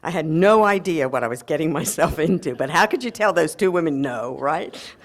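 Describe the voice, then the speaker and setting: An older woman gives a heartfelt acceptance speech at a convention, her voice sitting a little low. She reminisces warmly, pausing on ums and breaking into laughs along the way. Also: expressive. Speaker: award honoree giving an acceptance speech. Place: convention hall before an audience.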